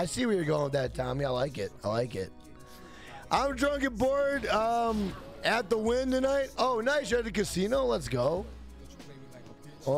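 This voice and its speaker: A man chatting casually on a game live stream, rambling and swearing. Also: high voice. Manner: profane, rambling banter.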